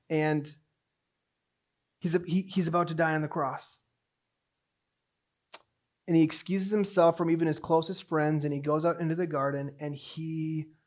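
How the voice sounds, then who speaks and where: A man preaching a sermon as pastor, moving between hushed storytelling and raised, emphatic passages. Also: a little high.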